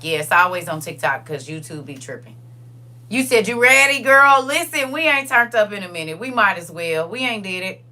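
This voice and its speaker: An older woman talks casually with her livestream viewers in a bright, forceful voice. She is chatty and emphatic, repeats her phrases, and reads comments out loud as she goes. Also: low voice. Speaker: livestream host.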